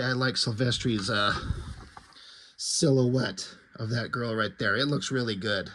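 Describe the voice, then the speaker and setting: A man's voice: medium pitch, fairly bright tone, slight background noise. A man in his forties giving a casual, crude and rambling comic read-through. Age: 40s. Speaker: comic book reviewer.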